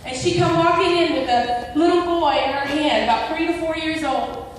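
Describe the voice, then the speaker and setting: A middle-aged woman from the United States giving a personal testimony to a church audience, telling her story with animated delivery and acting out quotes. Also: high voice, normal speed, a little hiss or hum. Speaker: guest speaker. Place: large indoor event hall. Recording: echoey hall picked up from far off.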